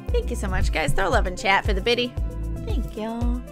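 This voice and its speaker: A woman's voice: on the high side, sing-song, normal speed, creaky, soft background music. A woman live-streaming a game, chatting casually and thanking viewers by name, with playful mock indignation.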